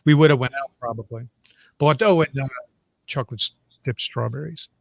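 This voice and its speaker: A man hosting a casual chat, relaxed and halting, reading viewer questions. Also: medium pitch, creaky, no echo. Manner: relaxed, halting, with many fillers. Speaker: host.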